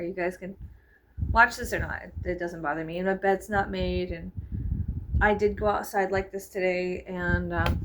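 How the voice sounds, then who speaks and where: A woman rambles through a casual vlog in her bedroom, peppering every thought with "like" and quick laughs. Her voice sits at an ordinary middle pitch and comes through the camera's built-in mic. A faint whir of a ceiling fan hums behind her. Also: noisy background. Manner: chatty, meandering, heavy use of "like", frequent laughs. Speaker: vlogger. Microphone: camera mic, no clip-on microphone.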